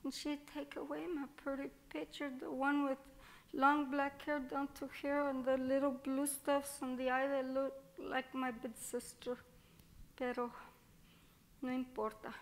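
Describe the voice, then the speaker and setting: A woman's voice: high-pitched, flat delivery, unhurried. Woman playing chatty little Mexican-American girl. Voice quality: childlike, chatty, with Spanish phrases mixed in. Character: spirited little Mexican-American girl starting first grade. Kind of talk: one-woman theatre monologue.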